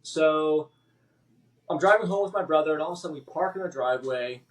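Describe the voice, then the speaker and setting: A man telling his personal story as a podcast guest, halting and emotional, with many restarts and fillers. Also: on the high side, recorded from a distance.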